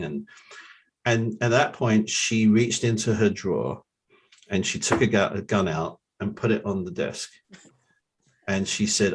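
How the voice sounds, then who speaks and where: A middle-aged man with a London accent tells anecdotes as a podcast guest. His voice is husky and sits a bit low, and he restarts his phrases often as he goes along. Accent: London English. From England. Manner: halting, repeats opening words. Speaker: guest, forensic accountant. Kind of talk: relaxed storytelling.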